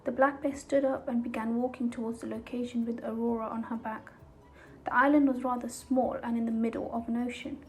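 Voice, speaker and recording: Woman, storybook narration, calm even reading, higher voice, faint music. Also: a little fast, poor audio. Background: soft background music.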